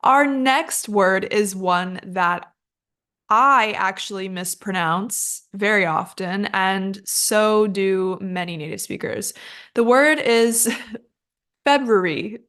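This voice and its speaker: An unhurried young woman giving a relaxed pronunciation lesson, chatty and quick to laugh at her own mistakes. Her voice sits at an ordinary middle pitch, and she takes her time over every word. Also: clear, resonant tone. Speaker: English teacher. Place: room with air conditioner running.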